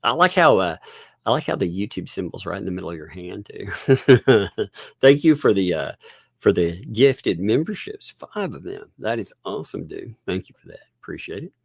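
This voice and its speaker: A man's voice: deep voice, very animated, moderate pace, gravelly, breathy edge, no echo, clean studio sound. A man with a Southern US accent hosting a casual livestream, rambling, chuckling often and thanking viewers. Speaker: livestream host.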